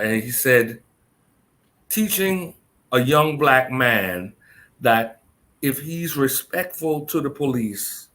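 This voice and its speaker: A man's voice: medium pitch, fairly bright tone. A man co-hosting a casual online panel discussion, speaking emphatically and insistently. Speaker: co-host.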